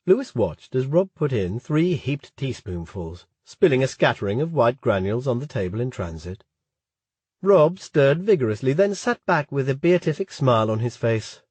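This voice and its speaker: Brief: male audiobook reader, husky, steady, close and dry. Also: mid-range voice, moderate pace, no echo. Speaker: audiobook narrator. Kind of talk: scripted narration.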